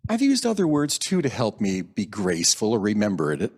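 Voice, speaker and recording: A man preaching a sermon at a church service, gentle and reflective, lingering over quoted phrases. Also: on the low side, huge pitch swings, brisk. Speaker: minister. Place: church sanctuary.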